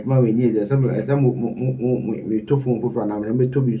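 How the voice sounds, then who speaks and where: A man commenting on poll data in a rambling, animated way, with asides. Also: mid-range voice, normal speed, recorded from a distance.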